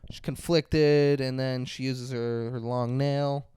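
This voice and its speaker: A man's voice: mid-range voice, flat delivery, a little slow, a little mellow, clear, resonant tone, no echo. A man co-hosting a podcast, retelling a movie's scenes in a casual, profane way and acting out the characters' lines. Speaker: podcast co-host. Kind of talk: casual movie review chat.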